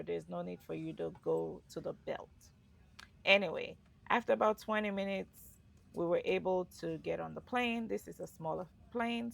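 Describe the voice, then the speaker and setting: In a chatty, casual travel vlog, a woman narrates her travel story and throws in asides to the viewer. Her voice is lowish, with vocal fry.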